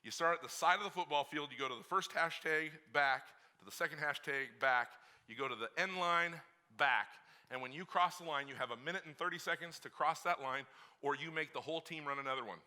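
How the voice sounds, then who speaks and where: A man preaching a sermon as pastor, telling a story in an animated way that swings from hushed to shouting. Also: a little high.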